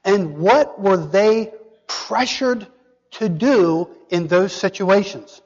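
A man preaching a sermon, asking the congregation questions and dropping to a hushed whisper for emphasis. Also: high voice, slow, breathy edge, big-room sound, lo-fi sound. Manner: dramatic, drops to a hushed whisper for emphasis, asks the audience questions.

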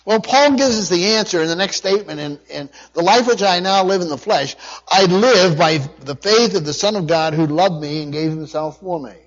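A man's voice: sits high, normal speed. A man preaching a sermon, reading scripture aloud and repeating key phrases earnestly. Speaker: pastor. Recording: dull lo-fi recording.

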